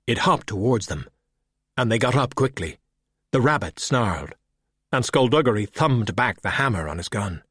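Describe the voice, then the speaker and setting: A man narrating an audiobook, dropping soft and quiet on the speech tags. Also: fairly low pitch, lively intonation, normal speed, breathy edge, dry recording. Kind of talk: scripted narration. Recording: dry close audiobook recording.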